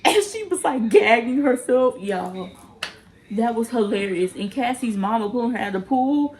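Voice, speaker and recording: A young woman giving a casual recap of a TV episode, animated and often laughing as she acts out the characters' lines. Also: a little high, moderate pace, poor audio. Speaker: TV episode reviewer.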